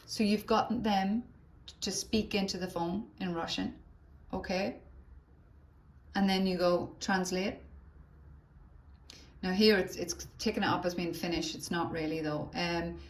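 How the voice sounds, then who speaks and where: A woman's voice: fairly low pitch, fairly even intonation, unhurried, reverberant. A woman leading a live phone tutorial for teachers, chatty and thinking aloud as she taps through the steps. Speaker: teacher trainer.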